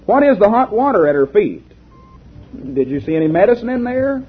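A man's voice: sits high, big pitch swings, brisk, breathy edge, heavily acted. A man reading aloud as a worried father of a sick daughter, asking pleading questions. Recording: lo-fi tinny recording.

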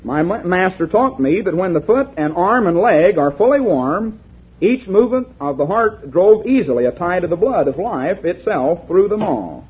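A preacher voicing a patient medieval physician, high lively voice, husky, phone-like audio. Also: male voice, full character voice. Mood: earnest. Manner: measured, reading aloud. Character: wise old medieval physician, calm and patient. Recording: lo-fi tinny recording.

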